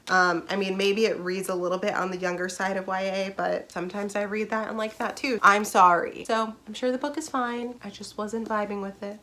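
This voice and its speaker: A woman's voice: medium pitch, steady tone, fairly quick, hardly any pauses, pushed and bright. A young adult woman chatting casually in a book review vlog, bubbly and rambling, with laughs and asides. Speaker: book vlogger.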